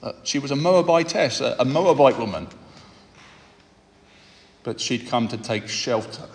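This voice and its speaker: A man preaches a sermon. He speaks in a measured, unhurried way and leans on repetition for emphasis. His voice rings out in a hall with long reverb. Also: mid-range voice, lively intonation.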